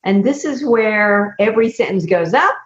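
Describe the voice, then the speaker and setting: A woman's voice: mid-range voice, expressive, moderate pace. Woman coach in an echoey room. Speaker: communication coach. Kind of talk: interview guest. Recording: echoey dull remote audio.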